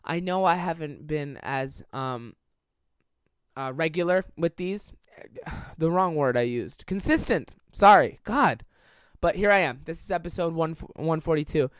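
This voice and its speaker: A man's voice: a little high, clear, resonant tone, no room sound, clean studio sound. A young man hosting a solo comedy podcast, telling rambling stories and slipping into silly voices to act them out. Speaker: podcast host.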